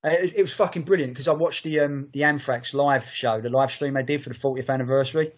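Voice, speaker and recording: A man's voice: mid-range voice, steady tone, fast. A man co-hosting a podcast, chatting in a sweary, enthusiastic, rambling way. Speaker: podcast co-host. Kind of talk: casual chat.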